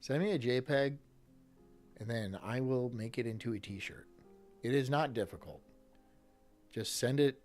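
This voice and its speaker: A man streaming live, chatting crudely and jokingly with his viewers and laughing often. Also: mid-range voice. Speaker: streamer reacting to a video. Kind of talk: casual livestream chat.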